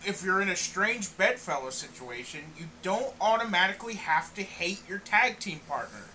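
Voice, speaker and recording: A man's voice: high-pitched, expressive, normal speed, sharp tone, a little hiss or hum, poor audio. A man co-hosting a podcast in casual chat, thinking aloud and repeating words as he restarts sentences. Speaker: podcast co-host. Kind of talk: casual chat reviewing wrestling.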